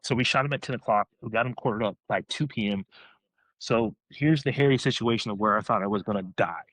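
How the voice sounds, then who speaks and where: Low-voiced man telling a story in excited bursts. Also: fast talker, no room sound, low-quality recording. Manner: excited, rambling, many restarts. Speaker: guest hunter telling his story. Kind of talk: casual podcast storytelling.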